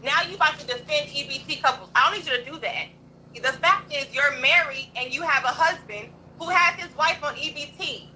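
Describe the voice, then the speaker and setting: A woman's voice: high-pitched, fairly quick, a crowd in the background, rough recording. A young adult woman hosting a livestream, ranting in a blunt, profane, combative way. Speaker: livestream host. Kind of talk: heated livestream rant.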